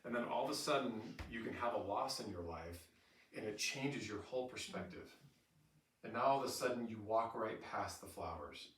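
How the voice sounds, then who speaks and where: A middle-aged man leads a staff in-service training session in a training room with an audience, telling lively stories and acting out quotes with laughter. His voice is on the low side at normal speed, recorded from far off with roomy echo and faint noise.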